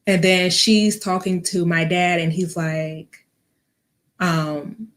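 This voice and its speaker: A woman's voice: on the low side, fairly even intonation, slow pace, a bit bright. A young woman, a vet tech guest, telling a personal story in a casual interview with lots of ums and acted-out quotes. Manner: many fillers, acts out quoted speech.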